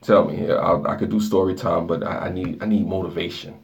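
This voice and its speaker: Deep gravelly man chatting on a live stream. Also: little pitch movement, a little fast. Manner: loose, rambling and joking, reading chat aloud. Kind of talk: casual live stream chat with viewers. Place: dark bathroom lit by a flashlight.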